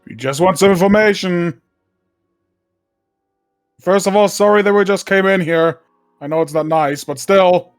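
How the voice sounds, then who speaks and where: A man in a tabletop game, speaking in character with hesitant, halting phrasing. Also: sits high, soft background music. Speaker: player.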